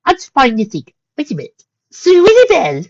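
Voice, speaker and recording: A refined white mare speaks high and theatrical, full of indignant flourishes, as a woman reads her out in a storybook. Her lines leap up in pitch and swing widely, over a dull, lo-fi recording. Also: wildly swooping pitch, moderate pace.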